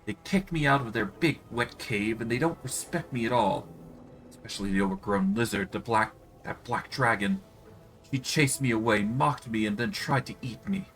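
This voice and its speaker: A man's voice: mid-range voice, normal speed, fairly bright tone, soft background music, close to an everyday voice, rough recording. A man voicing a vain, petulant female demon queen in a video game, whiny and clumsily flirtatious. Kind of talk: reading game dialogue aloud on stream.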